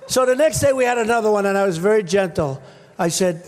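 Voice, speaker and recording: A man, a political candidate, giving a rambling, repetitive rally speech on a stage microphone in short punchy phrases, often shouting to the crowd. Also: very high voice, lively intonation, fairly quick, a little hiss or hum. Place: large rally venue with a crowd.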